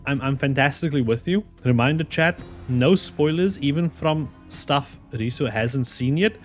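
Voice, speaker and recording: An excitable male streamer chatting through a game in a mid-range voice, rambling with lots of restarts and laughter. His delivery is loose and talkative, with faint music playing underneath. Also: medium pitch, moderate pace. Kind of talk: casual gameplay commentary.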